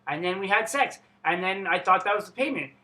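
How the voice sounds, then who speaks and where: Bright-voiced man rambling through a story. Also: high-pitched, animated, fairly quick, rough recording. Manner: rambling, profane, self-interrupting. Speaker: vlogger telling a personal story. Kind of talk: casual storytelling monologue.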